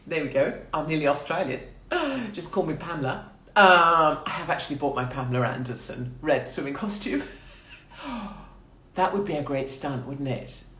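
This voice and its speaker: A woman's voice: deep voice, moderate pace, a bit bright. A woman in her forties chats on a phone livestream from a small quarantine room. She swears freely, laughs often and rambles in a crude, irreverent way. The small room gives her voice a noticeable echo. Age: 40s. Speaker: livestream host. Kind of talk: casual livestream chat.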